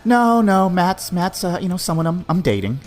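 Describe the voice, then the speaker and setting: A man's voice: sits high, big pitch swings, normal speed, faint music behind, voice pushed up. Breezy young woman, as a man puts her on. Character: casual young woman juggling several boyfriends.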